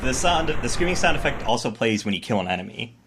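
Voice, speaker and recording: A man's voice: mid-range voice, big pitch swings, fast talker, fairly bright tone, slight background noise. A man co-hosting a let's play, explaining the game in a dry, mock-exasperated way. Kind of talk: casual gaming commentary. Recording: game music behind the voice.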